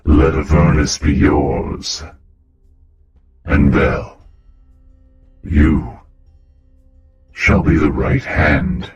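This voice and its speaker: A man voicing a colossal, ancient male devil lord who speaks from the sky in a slow, booming proclamation. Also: reverberant, full character voice.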